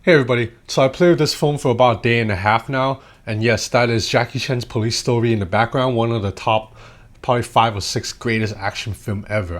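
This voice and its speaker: A man reviewing a gadget in a casual unboxing, talking loosely with many fillers and restarts. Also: mid-range voice.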